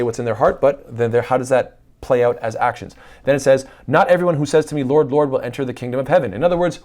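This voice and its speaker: Male lecturer, mid-pitched, reads verses aloud, then stresses points with questions. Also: darkish tone. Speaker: Islamic lecturer. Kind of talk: scripture commentary lecture.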